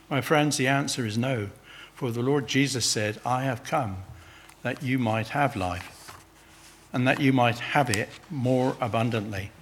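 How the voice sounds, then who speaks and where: A man's voice: mid-range voice, fairly bright tone. A man preaching a sermon, earnestly pressing his listeners with urgent questions.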